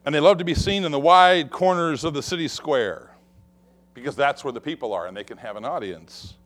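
A man preaching a sermon in an expressive way, acting out the voices he quotes. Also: a little high, fairly quick. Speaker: pastor.

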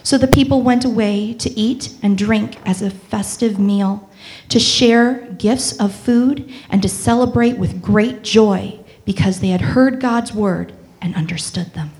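Female scripture reader, gravelly, mid-pitched, steady solemn reading. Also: unhurried, poor audio.

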